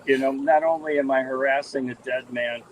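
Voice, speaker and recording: A man's voice: medium pitch, steady tone, normal speed, slight background noise, poor audio. A man breeding fish, chatting casually on a live video call as he tours his tanks, rambling with lots of ums and restarts. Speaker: fish breeder giving a tank tour. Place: indoor fish room among aquarium tanks. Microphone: camera mic on a live video call.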